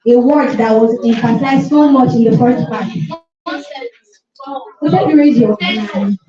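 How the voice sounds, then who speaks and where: A woman with a high voice moderates a classroom session and keeps prompting the pupils to raise their hands and applaud. The sound is echoey and dull. Faint music plays underneath. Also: a little slow, a crowd in the background. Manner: prompting, repeating requests. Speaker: session host. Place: school classroom.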